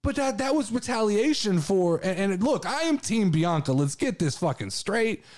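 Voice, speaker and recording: Excitable, high-voiced man ranting profanely. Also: moderate pace. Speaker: podcast host. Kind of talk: casual chat.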